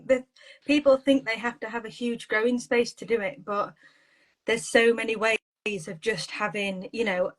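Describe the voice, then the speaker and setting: A woman's voice: a little high, steady tone, normal speed, poor audio. A woman being interviewed as a podcast guest, talking in a bubbly way and laughing often. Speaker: podcast guest, garden designer. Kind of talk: casual chat.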